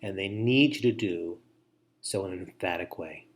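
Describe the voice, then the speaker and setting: Middle-aged male webinar presenter, lowish voice, earnest, measured delivery with steady pauses. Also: a little hiss or hum. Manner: earnest, measured advice with deliberate pauses and repeated phrases. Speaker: foster care educator, webinar presenter. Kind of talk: instructional webinar talk.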